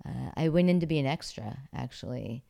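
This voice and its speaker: Her pitch is extremely low, warm, and gravelly, and she talks briskly and expressively. She's a Pittsburgh actress and ex-figure skater, laughing frequently while spinning casual stories as an interview guest.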